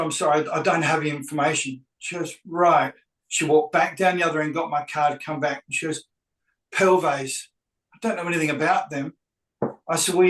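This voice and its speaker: A man's voice: a little high, fairly bright tone, reverberant, far from the mic, rough recording. A man, a real estate agent, tells a story animatedly and acts out both sides of the dialogue. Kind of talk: anecdotal storytelling.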